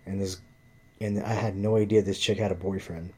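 Low, mellow-voiced man ranting profanely. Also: little pitch movement, a little fast, husky. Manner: profane, rambling, lots of fillers. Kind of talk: casual storytelling rant.

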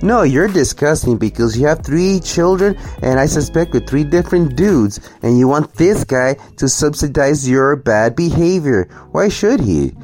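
A man's voice: on the high side, lively intonation, normal speed, hardly any pauses, a little mellow, faint music behind. A man ranting sarcastically and profanely through a reaction commentary video. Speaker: commentary vlogger.

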